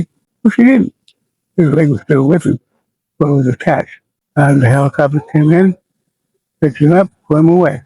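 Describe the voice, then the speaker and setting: Older american guy in his 70s, bit high pitched, gravelly voice, plain somber talk, dry sound. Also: normal speed, long pauses, a little mellow, no echo, low-quality recording. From United States. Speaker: veteran interviewee. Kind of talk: oral history recollection.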